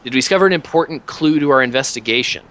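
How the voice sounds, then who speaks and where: A man's voice: medium pitch, very fast, a bit bright, slight background noise, low-quality recording. A man running a tabletop game as game master, narrating casually with lots of hesitations. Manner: casual, hesitant with many fillers.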